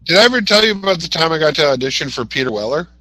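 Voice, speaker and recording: A man's voice: a little high, expressive, rapid-fire, bright, forceful tone, no room sound. A man in a casual chat, telling a story in a dry, wisecracking way.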